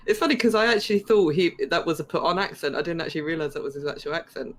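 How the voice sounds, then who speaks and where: A man's voice: fairly high pitch, lively intonation, racing, slight background noise. A man hosting a podcast interview, asking questions in an easygoing way and laughing along with his guest. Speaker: podcast host. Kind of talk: casual interview chat.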